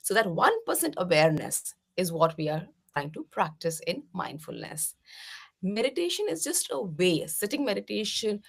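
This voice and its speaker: A middle-aged woman from India, a meditation teacher, gently explaining mindfulness as a podcast guest with frequent "uh" fillers. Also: medium pitch, sing-song, normal speed, gravelly, slightly rough. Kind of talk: podcast interview answers.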